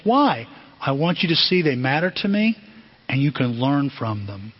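A male pastor preaches in a chatty, conversational way, tossing rhetorical questions at his listeners. His voice is husky and sits a little higher than most men's. The recording sounds dull and lo-fi. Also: very animated, moderate pace. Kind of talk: sermon.

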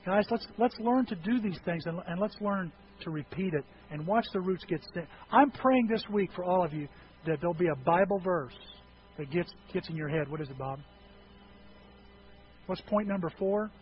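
Impassioned preaching man, high voice. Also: lively intonation, normal speed. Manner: swings from quiet talk to impassioned shouting; acts out prayers and dialogue. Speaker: pastor. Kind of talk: sermon. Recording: dull lo-fi with faint noise.

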